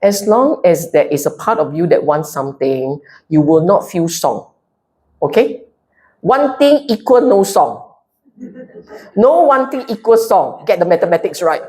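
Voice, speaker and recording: A woman's voice: on the low side, unhurried, breathy edge. A woman with a Singaporean English accent giving a Buddhist Dharma talk, playful and direct, often asking the audience if they follow. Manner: animated and playful, mixing in local slang; direct, keeps checking with the audience. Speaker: Dharma speaker.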